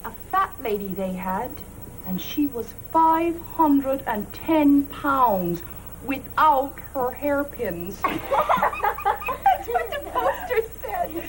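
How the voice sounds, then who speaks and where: A lively young woman spills out the story of her day in a 1970s TV period drama. Her high voice swoops up and down as she tells it. A faint hiss runs under the old recording. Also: slow pace. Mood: excited. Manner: lively storytelling, breaks into laughter. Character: chatty young Irish woman back from a day out.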